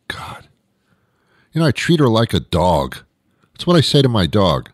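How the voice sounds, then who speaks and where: A middle-aged man hosts a comedy show with a rambling satirical monologue, sarcastic and quick to mock himself. His voice sits low. It is recorded dry and close on a studio microphone. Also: animated, dry recording. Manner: sarcastic, rambling, self-mocking.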